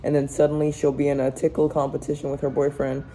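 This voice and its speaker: A woman's voice: deep voice, level tone, fast talker, mellow, slight background noise, poor audio. A young adult woman chatting through a rambling storytime in her home kitchen while cooking, full of fillers. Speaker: family vlogger. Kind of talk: casual storytime chat.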